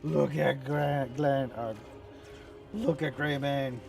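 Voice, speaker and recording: A man chatting casually as he reacts to game cinematics, excitable, rambling and profane. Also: medium pitch, slow pace, vocal fry, over music. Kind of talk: casual chat.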